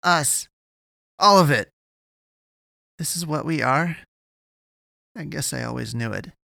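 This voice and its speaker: A man's voice: fairly high pitch, slow pace, gravelly, sharp tone, no echo, clean studio sound, pitched above the performer's own voice, full character voice. A man voicing a bitter young man who has come to despise humanity. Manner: bitter, mumbling then rising. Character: bitter young man turning monstrous, disgusted.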